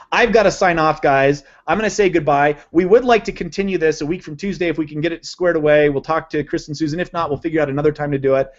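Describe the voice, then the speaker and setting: A man's voice: fairly high pitch, lo-fi sound. A man presenting a live online lesson on sales copywriting, enthusiastic and conversational, often checking in with his listeners. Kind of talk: live online teaching session.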